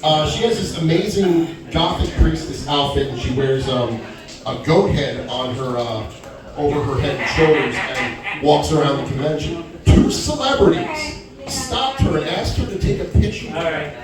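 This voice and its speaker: A man performs a brash, crude stand-up set in a small comedy club. His voice is fairly high and swings widely in pitch. He is heard from a distance in a very echoey room with the crowd chattering around him. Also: moderate pace. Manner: brash, crude punchlines, animated. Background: audience chatter and laughter.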